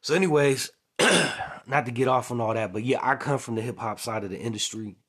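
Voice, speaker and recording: A man speaks in a relaxed, conversational monologue with a slightly husky voice at a middle pitch. He retells past conversations by acting out each side, and he keeps checking in with "you know what I mean". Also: brisk. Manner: chatty, keeps adding "you know what I'm saying". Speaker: former music manager. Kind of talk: casual storytelling monologue.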